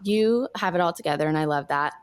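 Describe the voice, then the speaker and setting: A woman's voice: fairly low pitch, fast talker. A woman hosting a podcast in casual interview chat, gushing and effusive as she praises her guest. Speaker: podcast host.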